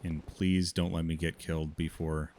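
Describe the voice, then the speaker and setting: Brief: male gaming streamer, deep voice, unhurried, chatty and excitable, faint noise behind. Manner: excitable, chatty, reacting out loud. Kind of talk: casual gaming commentary.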